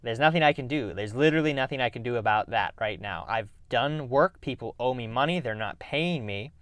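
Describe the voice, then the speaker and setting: A man's voice: medium pitch, lively intonation, a little fast, a bit bright, dry recording. A man hosting a podcast, talking earnestly and reflectively about handling stress, with restarts and sighs. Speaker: podcast host. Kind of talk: casual self-help talk.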